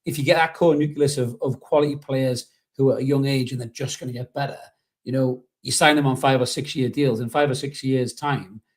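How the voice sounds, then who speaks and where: Man, podcast host, casual rambling chat, fillers, middle pitch. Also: fairly even intonation, brisk. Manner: rambling, peppered with "you know", reads out viewer messages.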